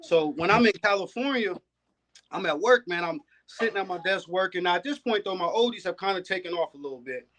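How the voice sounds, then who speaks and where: A man, a guest on a podcast and a dog breeder, telling stories in a relaxed, casual way. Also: high-pitched, brisk, noisy background. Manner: laid-back, peppers talk with "man". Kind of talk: casual storytelling chat.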